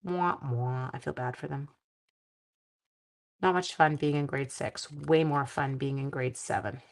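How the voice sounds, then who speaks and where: A woman's voice: low-pitched, fairly even intonation, a little slow, vocal fry. A middle-aged woman hosting a live stream, chatting casually with viewers and reading their comments while she makes cards. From Canada. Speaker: live-stream crafting host.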